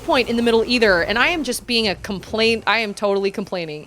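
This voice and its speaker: A woman's voice: mid-range voice, expressive, brisk, a bit bright, a little hiss or hum. A woman streaming a game, chatting casually and animatedly, laughing often and gasping at surprises. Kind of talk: casual gameplay chat.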